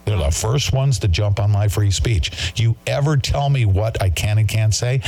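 A man's voice: lowish voice, expressive, moderate pace, hardly any pauses, mellow. A male talk show host ranting in an emphatic, combative and sarcastic way.

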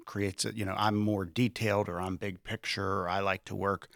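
A man's voice: on the low side, little pitch movement, normal speed, gravelly, a bit bright, dry recording, clean studio sound. A man hosting a casual group discussion, thinking aloud and acting out quoted lines in different tones. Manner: reflective, acts out quoted lines with shifting tone. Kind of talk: conversational discussion.

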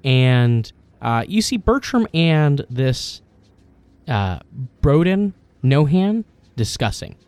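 Male game master, mid-pitched voice, descriptive narration, hesitant fillers. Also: sing-song, takes it slowly, a little mellow, clean tone, no room sound.

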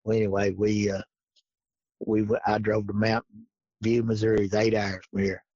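On a dull, lo-fi recording without echo, a man casually spins a hunting tale in a folksy, meandering way, voicing each person's quoted lines. His voice is lowish and slightly mellow yet a bit rough, with little pitch movement, at a moderate pace.

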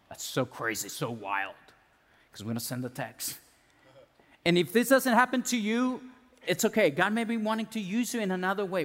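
Man preaching in a reverberant church. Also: sits high. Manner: conversational preaching with restarts, dropping soft for prayer. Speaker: pastor. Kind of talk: sermon. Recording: long hall reverb.

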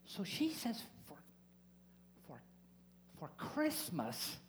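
Animated, joking male preacher. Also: sits high, drawn-out words, slight background noise. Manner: playful, joking with the congregation. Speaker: pastor. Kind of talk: sermon. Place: church service.

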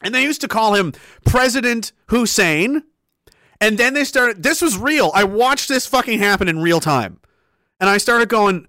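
A man's voice: sits high, expressive, fairly quick, bright, forceful tone, no echo, studio quality. A young man ranting sarcastically and profanely, reading out chat messages as a streamer, often laughing. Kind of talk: ranting commentary.

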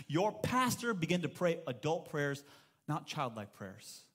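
A man's voice: high voice, slightly rough. A man in his thirties preaching a sermon as pastor at a church service, telling stories with playful acted-out voices and humor.

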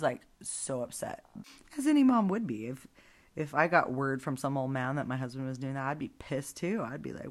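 Chatty low-voiced woman podcaster. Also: fairly quick. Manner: chatty, digressive, frequent asides. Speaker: podcast host. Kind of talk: casual Bible storytelling podcast.

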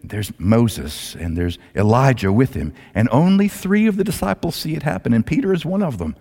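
A male pastor preaching a sermon as a dramatic storyteller who swings between loud, rising lines and hushed, low ones. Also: sing-song, moderate pace, breathy edge. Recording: long hall reverb.

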